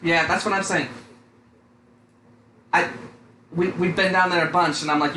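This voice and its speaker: A man's voice: fairly high pitch, steady tone, normal speed, long pauses, pushed and bright. A young man chatting casually as a podcast co-host, rambling and swearing a lot, often saying "dude". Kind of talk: casual profane chat. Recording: echoey room with faint noise.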